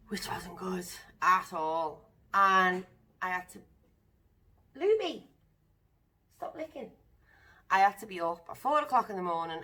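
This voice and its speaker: A woman candidly recounting a personal experience to camera, vivid and emotional, sometimes dropping into breathy whispers. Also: lowish voice, bright, forceful tone. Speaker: vlogger sharing personal experience.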